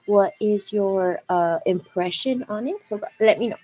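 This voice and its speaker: A woman's voice: medium pitch, a little slow, rough recording. A young woman hosting a casual makeup livestream from home, chatting to viewers and calling them girl. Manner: chatty, calls viewers girl, frequent likes. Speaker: beauty livestream host. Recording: soft music under voice.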